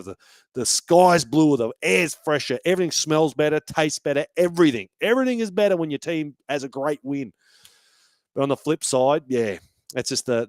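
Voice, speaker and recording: A man's voice: medium pitch, a little mellow, no room sound. A man hosting a casual fan podcast, talking with feeling, swearing freely and restarting his sentences often. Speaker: podcast host.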